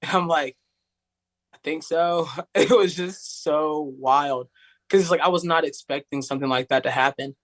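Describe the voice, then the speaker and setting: A man's voice: on the high side, moderate pace, a bit bright. A young man from Tennessee, telling a story in a rambling, casual way, full of "like". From Tennessee, USA. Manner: rambling, heavy use of "like", acts out voices of others. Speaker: podcast guest, singer.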